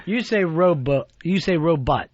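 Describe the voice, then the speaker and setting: High-voiced man teasing on talk radio. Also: lively intonation, dry recording. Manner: dry, teasing, quick comebacks. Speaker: radio talk show host. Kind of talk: casual talk radio banter. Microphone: studio microphone. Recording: dull, dry studio broadcast sound.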